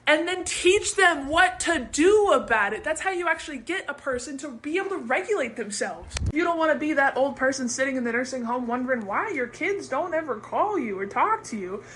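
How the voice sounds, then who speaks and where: High bright-voiced woman giving blunt tips. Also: animated. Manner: blunt, swearing, acts out quick voices. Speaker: parenting tips creator. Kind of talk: casual advice talk.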